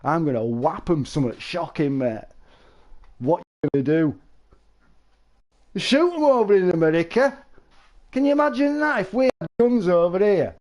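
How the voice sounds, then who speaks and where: A man live-streaming, chatting casually with viewers, rambling and laughing, with exaggerated shouted sound effects. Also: high voice, sing-song, normal speed, pauses often.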